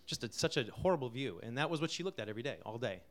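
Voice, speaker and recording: A middle-aged man from Connecticut introduces a song he wrote, talking softly and haltingly with many fillers. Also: mid-range voice, lively intonation. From Connecticut, USA. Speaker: singer-songwriter introducing a song. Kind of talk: casual spoken intro before a live song.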